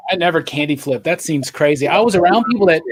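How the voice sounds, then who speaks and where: A man's voice: fairly high pitch, expressive, fast talker, slightly rough, no echo. Brief: male stream host, laid-back, chuckles a lot, dry close sound. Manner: laid-back, laughs often. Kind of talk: casual chat.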